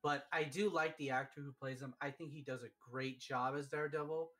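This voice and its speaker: A man hosting a live stream, chatting casually and telling stories excitedly, with lots of fillers. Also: medium pitch, brisk. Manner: excitable, animated storytelling with many fillers. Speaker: streamer host. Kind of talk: casual chat.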